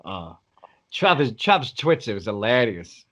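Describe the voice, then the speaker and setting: A man in casual chat, a lively storyteller who acts out other people's lines. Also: lowish voice, unhurried.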